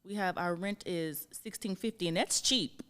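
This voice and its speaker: Frank, exasperated woman with a lowish voice. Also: normal speed, fairly bright tone. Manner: frank and exasperated, swears freely. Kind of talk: casual chat.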